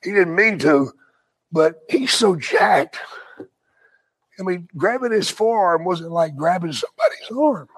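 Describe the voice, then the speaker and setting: A man's voice: sits high, a little slow, husky, poor audio. Older man spinning profane stories. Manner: profane, animated, laughs while telling stories. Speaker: guest, retired pro wrestler. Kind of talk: casual storytelling.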